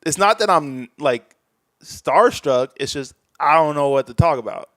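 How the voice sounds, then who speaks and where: A man's voice: on the high side, lively intonation, a little slow, fairly bright tone, no room sound. A man talking candidly as a podcast guest in a casual chat, reflective and often trailing off mid-thought.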